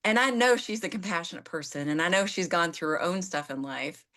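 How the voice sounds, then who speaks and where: A woman in her fifties with a lowish voice talks candidly as a guest on a conversational show. She is animated and self-deprecating, and she jumps into acting out her own exasperated quotes as she tells the story. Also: a little fast. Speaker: therapist and coach guest.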